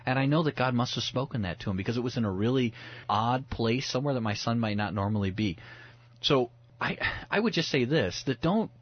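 A man's voice: mid-range voice, lively intonation, a little fast, breathy edge, lo-fi sound. A man speaking as a pastor guest on a radio talk show, earnest and reflective, often restarting his words as he thinks aloud. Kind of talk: radio talk about the Bible.

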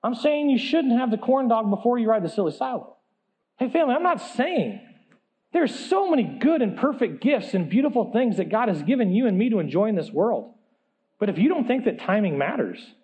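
A man's voice: fairly high pitch, dull audio. A male pastor preaching a sermon, telling a comic family story and acting out the voices in it. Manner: animated, acts out family voices.

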